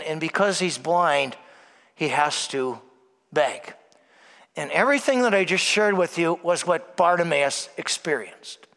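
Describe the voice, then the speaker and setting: A man delivers a Mass sermon in a high, bright voice that rings out across a large church with a long reverb. He acts out the voices in his story and swings between loud, animated stretches and hushed, near-whispered lines. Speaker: preacher at Mass.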